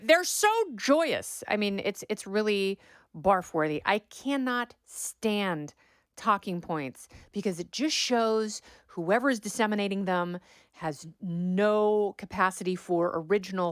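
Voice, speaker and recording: A woman's voice: medium pitch, fairly bright tone, clean tone, no room sound, clean studio sound. A middle-aged woman hosting a political podcast, giving opinionated commentary with a sarcastic edge and mocking impressions of talking points. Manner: sarcastic, mocks quoted talking points in exaggerated voices. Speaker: podcast host.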